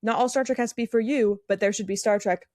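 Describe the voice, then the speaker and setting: A woman's voice: fairly high pitch, quick pace, a little mellow, dry recording, clean studio sound. A young woman in college, co-hosting a podcast in casual chat and talking in an emphatic, fired-up way. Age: young adult. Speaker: podcast co-host.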